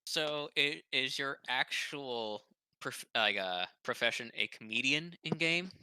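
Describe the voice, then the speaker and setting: A player in a casual tabletop game session, animated and quick to joke. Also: medium pitch, clear, resonant tone. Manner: animated, jokey, quick to riff.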